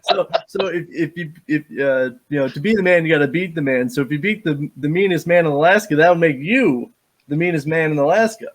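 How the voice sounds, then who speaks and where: A man's voice: a little high, brisk. A man hosting a radio interview, upbeat and chatty, wrapping up with his guest. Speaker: podcast host. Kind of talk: casual interview chat.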